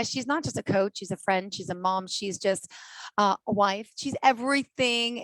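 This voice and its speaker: A woman's voice: on the high side, fairly bright tone, no echo, low-quality recording. A woman hosting a podcast interview, effusive and gushing with praise. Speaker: podcast host.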